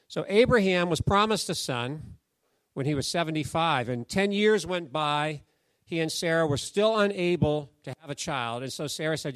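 A man preaching a sermon in a conversational way, telling the story with lively bursts and then dropping to a soft, hushed voice. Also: on the high side, dry recording, studio quality. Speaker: pastor.

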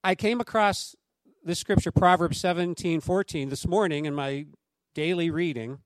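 A man's voice: a little high, moderate pace, no room sound. A middle-aged man preaching a sermon as pastor, conversational and anecdotal, speaking to the congregation and acting out quoted voices. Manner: acts out quoted voices in lively raised tones.

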